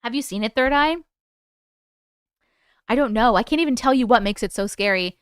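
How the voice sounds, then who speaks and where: A woman's voice: on the high side, moderate pace, clean tone, no room sound, studio quality. A woman hosting a live stream, chatting casually and swearing freely before reading viewer stories.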